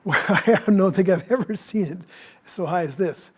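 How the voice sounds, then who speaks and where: A man's voice: sits high, moderate pace, breathy edge. A man in his seventies, a psychologist guest in a TV studio interview, explaining his points with frequent restarts. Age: 70s. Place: TV news studio.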